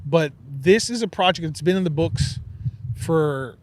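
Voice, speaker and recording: A man with a fairly high voice chats on a podcast and spins a wild story with animated energy. He talks quickly in bursts and drops low for effect. A faint hiss sits under the recording. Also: low-quality recording. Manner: animated storyteller, excitable, swears casually. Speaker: podcast host. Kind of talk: casual chat.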